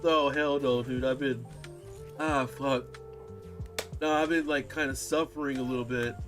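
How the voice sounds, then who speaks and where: A man's voice: mid-range voice, steady tone, measured pace. A man chatting casually on a live stream, laughing often and swearing casually. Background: music.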